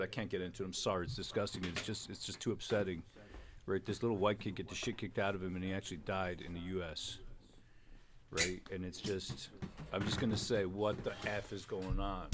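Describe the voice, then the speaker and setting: A middle-aged man hosting a livestream, talking in a rambling, emphatic way full of restarts. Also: lowish voice. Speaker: streamer and host. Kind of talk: casual political chat on a livestream.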